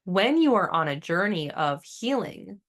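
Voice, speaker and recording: Hosting a spiritual podcast, a woman with a fairly low voice speaks at a measured pace in a casual, blunt manner. She swears freely, stays animated, and chats along with fillers, often wandering off into sidetracks.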